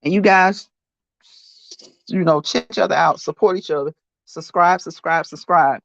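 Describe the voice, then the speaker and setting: Her voice sits lowish with vocal fry and a normal pace as she hosts a casual livestream. Talking to viewers, she laughs frequently and says things more than once, captured in a dry, dull lo-fi recording without echo.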